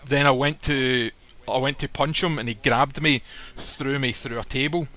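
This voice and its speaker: Bright-voiced man telling a blunt story. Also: mid-range voice, steady tone, normal speed. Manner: blunt, swears freely, acts out quoted lines. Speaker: guest telling a personal story. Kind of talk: casual storytelling. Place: live stream recording.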